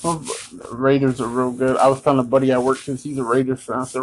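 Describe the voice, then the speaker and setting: A man's voice: medium pitch, low-quality recording. Rambling casual American man giving football picks. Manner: halting, many ums and restarts; Eagles fan, talks straight to listeners. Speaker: sports vlogger giving picks. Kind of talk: casual predictions monologue.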